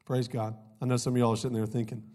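A man's voice: mid-range voice, flat delivery, racing, warm tone. A young man preaching a sermon, his voice a little off from a cold, chatty and joking with the congregation. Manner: conversational, jokey, says "y'all" often. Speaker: pastor.

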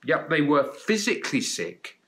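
Bright-voiced man preaching a sermon. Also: a little high, wildly swooping pitch, moderate pace. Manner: earnest, encouraging, rises and drops for emphasis. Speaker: pastor.

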